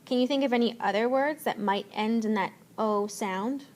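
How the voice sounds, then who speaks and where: A woman teacher giving a spelling lesson, slowly and patiently sounding out letters and words. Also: on the high side, darkish tone.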